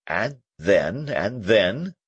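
Man reading probing male confessor, husky, insistent, low, dry close sound. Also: very animated, very slow, no room sound, lo-fi sound, full character voice. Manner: probing, pressing questions. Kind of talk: audiobook character reading.

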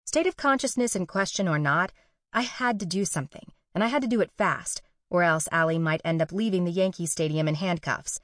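A woman's voice: fairly low pitch, dry recording, studio quality. A young woman narrating a first-person story with wry, sarcastic and profane humor.

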